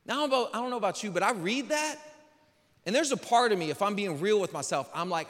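A man's voice: very animated, normal speed. Man preaching in a big echoing hall. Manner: swings from loud preaching to quiet, low musing. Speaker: pastor. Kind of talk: sermon. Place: large church hall. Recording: long hall reverb.

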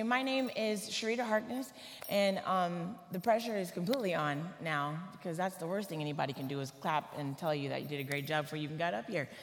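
A woman, from Atlanta, giving a church sermon full of humorous personal stories told in a lively, animated way. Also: mid-range voice, big-room sound. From Atlanta, Georgia, US. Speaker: guest preacher.

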